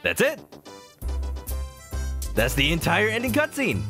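A man's voice: mid-range voice, big pitch swings, normal speed, faint music behind. A man streaming a video game, chatting casually and jokily with his chat. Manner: chatty, jokey, talks to chat.

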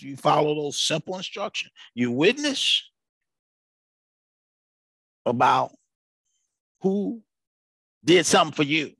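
A man's voice: a little high, fairly bright tone, no room sound. A man preaching an informal sermon broadcast, colloquial and emphatic, repeating his phrases for weight.

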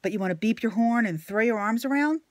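A woman venting in an angry, profane rant to her viewers, blunt and swearing often, swinging between loud outbursts and quiet asides. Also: a little high, lively intonation, fast talker, no echo, studio quality. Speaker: vlogger. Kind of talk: profane ranting monologue to camera.

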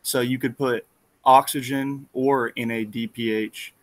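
A man's voice: medium pitch, fairly even intonation, unhurried, no echo. A male student asking about a study guide question in an online class, thinking aloud with some hesitation.

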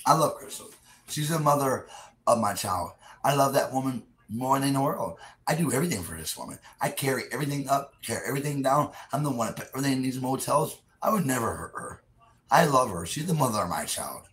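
A man's voice: medium pitch, sing-song, fast talker, a bit bright. A man arguing with his partner in a motel room, agitated and pleading, often swearing. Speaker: vlogger's partner. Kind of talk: heated argument, addressing viewers. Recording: echoey room, distant mic, faint background noise.

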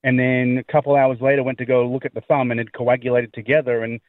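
A man's voice: mid-range voice, flat delivery, quick pace, no room sound. A man calls in to the show and tells his story in a loose, rambling way, doubling back over his own words. His voice arrives through a tinny, narrow phone line. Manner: rambling, repeats himself while telling a story. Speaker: caller.

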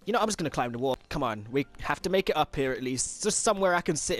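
Young man, gameplay commentary, swearing, animated pitch, high voice. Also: fast, few pauses, soft background music. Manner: frustrated, swearing, yelling at the game. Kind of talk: let's play commentary.

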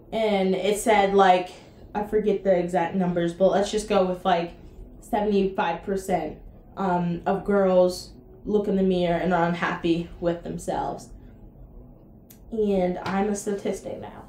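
A woman's voice: lowish voice, flat delivery, unhurried, dark tone. A young woman chatting casually to her viewers in a rambling vlog, with plenty of fillers. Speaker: vlogger.

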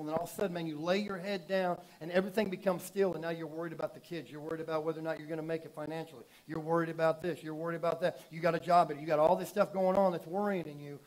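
A man preaching a sermon in a church, telling stories casually and building from soft asides to loud emphatic preaching. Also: fairly high pitch, rough recording. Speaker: pastor.

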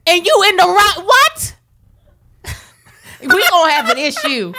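High, bright woman in a laughing comic rant. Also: measured pace, slight background noise. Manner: loud, laughing, expressive storytelling rants. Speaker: podcast co-host. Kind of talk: comedic podcast chat.

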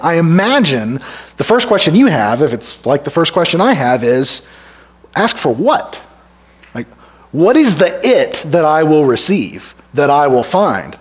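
A pastor talks his congregation through an expository sermon as if in conversation, asking them rhetorical questions. To make a point land, he lowers his voice to a hush, and the setting is a church sanctuary.

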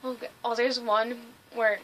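A woman giving excitable, chatty, jokey let's play commentary over a game. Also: on the high side, measured pace, slight background noise, rough recording. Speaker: gamer.

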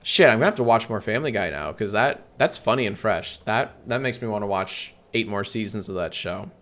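A man streaming a comedy bit, bantering with himself in a deadpan, sarcastic way and swearing often. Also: fairly low pitch, brisk.

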